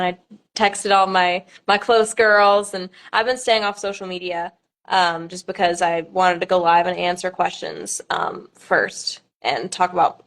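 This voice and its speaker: A young woman in her twenties, a pageant contestant, talking casually on a livestream, halting with lots of ums and nervous laughter. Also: lowish voice, vocal fry.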